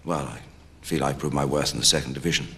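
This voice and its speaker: An actor playing a head teacher candidate who gives guarded, formal answers at a job interview. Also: male voice, very deep voice, steady tone, fast, pushed and bright, slight background noise, full character voice. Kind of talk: television drama acting.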